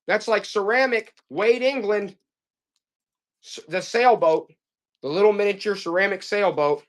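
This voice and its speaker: A man's voice: high voice, a little slow, a bit bright. A man selling vintage items on a live stream, chatting to viewers in a repetitive, hyped-up sales patter. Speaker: live auction seller.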